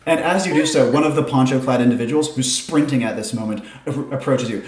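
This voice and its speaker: A man running a tabletop game as its game master, narrating scenes in a steady, descriptive way. His voice sits at a middling pitch. A roomy echo hangs around it. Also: fast talker, a crowd in the background.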